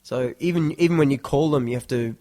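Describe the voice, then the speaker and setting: Casting: Australian male podcast host in his thirties, easygoing, digressive storyteller, average pitch. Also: brisk, mellow. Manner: rambling, self-deprecating storytelling. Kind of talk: casual solo podcast monologue.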